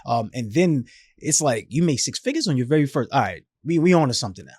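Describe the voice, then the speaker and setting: A man in his thirties, a podcast guest, telling his life story in an animated, emphatic, casual way with slang. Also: medium pitch, fast, husky, no echo, studio quality.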